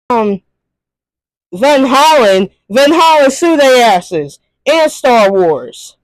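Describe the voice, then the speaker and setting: A man's voice: extremely high pitch, dry recording, rough recording. A man ranting in a profane, exasperated movie commentary, firing off rhetorical questions. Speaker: commentary youtuber.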